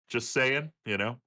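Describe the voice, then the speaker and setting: Man, 40s, bright tone, profane rambling chatter. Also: medium pitch. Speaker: streamer talking with a friend. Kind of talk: casual chat.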